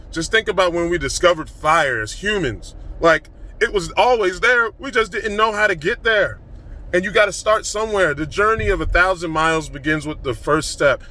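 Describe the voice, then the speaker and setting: A man giving an excited, emphatic motivational rant to his phone camera, recorded in a car. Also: fairly high pitch. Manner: excited, fast-flowing, emphatic. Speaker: vlogger.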